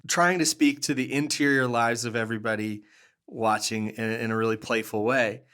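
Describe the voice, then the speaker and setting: A man's voice: mid-range voice, moderate pace, clean tone. Earnest man telling stories, laughing often. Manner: animated, laughs often mid-sentence; earnest, warm, with fillers and restarts. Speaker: podcast guest. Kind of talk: conversational storytelling.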